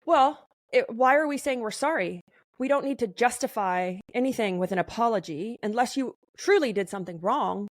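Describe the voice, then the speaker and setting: A woman hosting a conversational podcast interview, talking in an animated, emphatic way. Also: fairly high pitch, moderate pace, no echo, studio quality.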